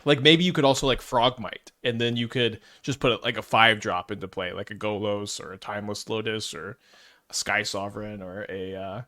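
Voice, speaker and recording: A man's voice: on the low side, fairly even intonation, normal speed, sharp tone, no room sound, studio quality. A man giving casual live commentary while playing a card game, stuttering and restarting often as he thinks aloud. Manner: stutters, many restarts and fillers.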